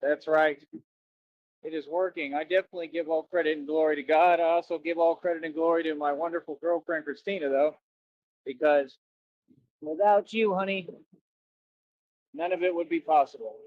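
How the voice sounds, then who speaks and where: A man's voice: a little high, steady tone, normal speed, long pauses, no echo, muffled recording. A man livestreaming outdoors near a road, rambling and repeating himself as he chats to viewers. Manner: rambling and repetitive, keeps saying "that's right". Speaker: livestreamer asking viewers for donations. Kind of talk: casual rambling livestream chat.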